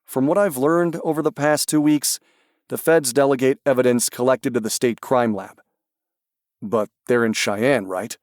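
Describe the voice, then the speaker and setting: A male narrator voicing a helpful official with years in government, who speaks briskly and reassuringly. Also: medium pitch, steady tone, no echo, studio quality, close to an everyday voice.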